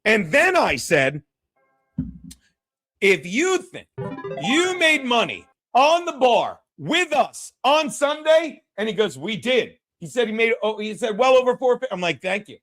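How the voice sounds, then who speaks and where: A man's voice: very high-pitched, big pitch swings, measured pace, a bit bright, faint music behind. A man hosting a casual chat show, telling stories in a profane, ranting way and acting out what people said. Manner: profane, ranting, acts out quotes. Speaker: podcast host.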